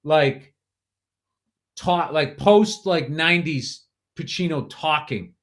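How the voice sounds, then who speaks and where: Man, podcast host, casual chat, curious questions, slightly high voice. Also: slow, a bit bright.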